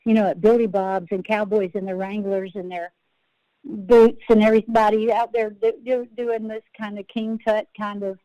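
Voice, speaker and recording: A woman's voice: medium pitch, little pitch movement, normal speed, dark tone, clear, resonant tone, no echo, muffled recording. A woman country singer-songwriter, a podcast guest, telling rambling, self-interrupting stories and laughing at her own tales.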